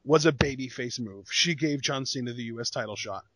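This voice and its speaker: A man co-hosting a casual wrestling review show, excitable and jokey, with lots of fillers. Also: medium pitch, a little fast, no room sound. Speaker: podcast co-host.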